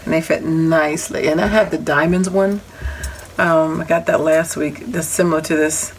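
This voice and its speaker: Lady with a lowish voice showing off her craft dies, chatty, kinda noisy recording at home. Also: fairly even intonation, moderate pace. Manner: chatty, self-correcting, apologetic asides. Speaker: crafting vlogger showing a haul. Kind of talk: casual show-and-tell. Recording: audible background noise.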